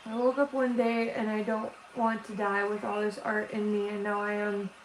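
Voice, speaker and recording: A woman's voice: mid-range voice, level tone. Tearful woman livestreaming in an echoey room. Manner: halting, emotional, with many restarts. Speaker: artist hosting a livestream. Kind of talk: casual livestream chat with viewers. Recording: roomy echo with faint background noise.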